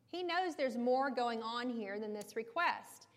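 A woman leads a Bible study lecture in a slightly high voice, explaining passages conversationally and checking in with her listeners. Her voice carries a long hall reverb. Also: animated, a little slow.

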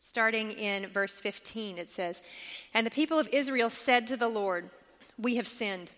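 Woman Bible teacher, engaging, quizzes the class, forceful tone, long hall reverb. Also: on the high side, lively intonation, unhurried. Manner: engaging, asks the class questions.

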